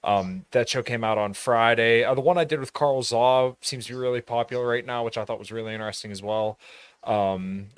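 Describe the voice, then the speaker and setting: A man's voice: mid-range voice, fairly quick, clean tone, no echo. A man co-hosting a podcast in casual chat, with a loose, rambling delivery. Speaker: podcast co-host.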